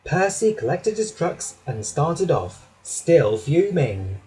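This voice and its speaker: Unhurried, expressive male storyteller. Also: on the high side, rough recording. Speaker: storybook narrator. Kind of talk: children's storybook narration.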